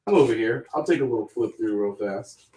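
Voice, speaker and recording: A man's voice: lowish voice, fairly quick, dark tone, slight background noise. A man with a Southern American accent, hosting a live sale and chatting casually, joking as he reads out items. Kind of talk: casual live sales chat.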